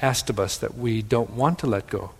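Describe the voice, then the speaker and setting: A man with a Wisconsin accent giving a gentle, pondering spiritual teaching, often repeating words for emphasis. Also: fairly low pitch, moderate pace, creaky, husky, long reverb tail.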